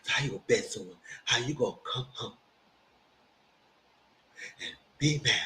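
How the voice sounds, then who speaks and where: A man hosting a casual live TV recap, animated, jumping into loud high-pitched quotes of the characters. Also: normal speed, slight background noise. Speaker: TV review host. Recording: roomy echo.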